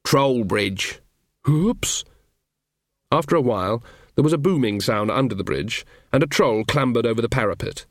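A man reading a comic fantasy audiobook as narrator, with dry, even delivery. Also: medium pitch, quick pace, no room sound. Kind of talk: scripted narration.

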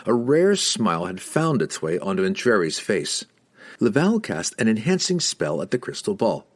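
A man narrates a fantasy novel in a low, husky voice. His pitch moves lively through each sentence, and the reading stays steady and expressive. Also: normal speed. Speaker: audiobook narrator.

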